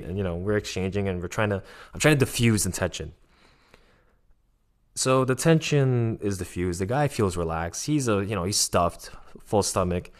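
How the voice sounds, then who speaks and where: A man's voice: lowish voice, normal speed. Rambling man telling a casual story. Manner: rambling, filler-heavy, animated quoting of others. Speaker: former missionary telling a story.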